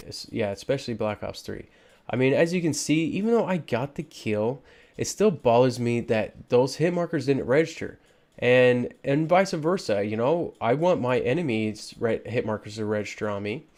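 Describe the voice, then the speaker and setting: An exasperated man rants through gameplay commentary, stumbling over fillers and restarting his sentences. His voice sits at an ordinary middle pitch. A faint hiss of noise runs under the recording. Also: darkish tone. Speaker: gaming YouTuber.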